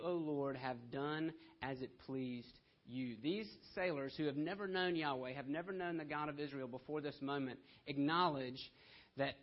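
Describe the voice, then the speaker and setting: A man preaching a sermon in a conversational way, often checking in with "right?" and slowing down to read scripture. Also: a little high, lo-fi sound. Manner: slows down to stress scripture.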